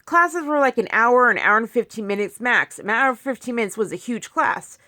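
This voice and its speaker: A woman's voice: fairly high pitch, expressive, normal speed, sharp tone, no room sound, clean studio sound. A young woman vlogging casually to her phone while in pain, talking in a rambling way with many restarts and asides. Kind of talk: casual talk to camera.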